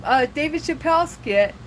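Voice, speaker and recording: A woman's voice: sits high, expressive, moderate pace, a little hiss or hum, rough recording. A young woman hosting a casual livestream, chatting loosely with viewers and laughing often. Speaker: livestream host.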